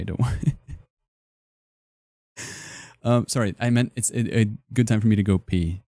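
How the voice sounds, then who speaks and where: A man's voice: deep voice, unhurried, pauses often, dark tone, no room sound, clean studio sound. A young man streaming live, chatting casually and joking as he reacts to his chat in a rambling way.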